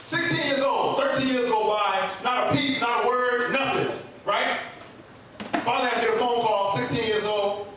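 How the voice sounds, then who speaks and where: A man telling a comedic personal story at an open mic, in an animated, conversational way with comic asides. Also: very high-pitched, moderate pace. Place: live open mic venue. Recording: echoey room from far off, noisy.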